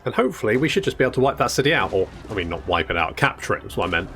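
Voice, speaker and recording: A man's voice: fairly low pitch, big pitch swings, rapid-fire, a bit bright, faint music behind. A man casually commentating a strategy game, wry and chatty, swearing now and then and restarting his sentences. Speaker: gameplay commentator. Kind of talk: casual let's-play commentary.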